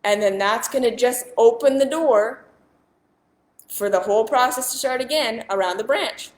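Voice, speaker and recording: A woman's voice: fairly high pitch, moderate pace, echoey room. A woman and spiritual teacher talking straight to viewers in a casual monologue, earnest and emphatic, often repeating herself.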